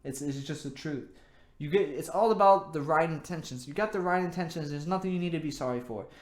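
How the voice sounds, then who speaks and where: A man's voice: on the high side, brisk, reverberant. A young man hosting his own show, giving earnest, rambling dating advice full of "you know" and repeated words. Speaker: host. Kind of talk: casual advice monologue.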